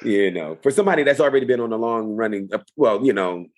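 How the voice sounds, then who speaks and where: Male actor guest, low voice, laughing storyteller who acts out quotes. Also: lively intonation, fast. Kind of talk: casual chat.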